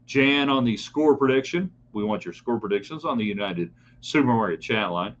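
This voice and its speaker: Animated middle-aged sports talk host. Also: male voice, medium pitch, moderate pace, muffled recording, slight background noise. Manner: opinionated, animated, talks straight to listeners. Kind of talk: live sports talk broadcast reading chat comments.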